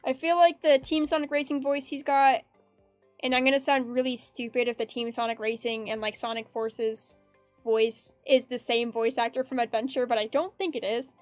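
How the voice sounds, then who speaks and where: A woman with a high voice chats casually while she draws, rambling and giggling and reading chat messages aloud. Her voice is close and dry, with soft music playing behind it. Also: fairly even intonation, normal speed, dry recording. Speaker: art streamer. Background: faint background music.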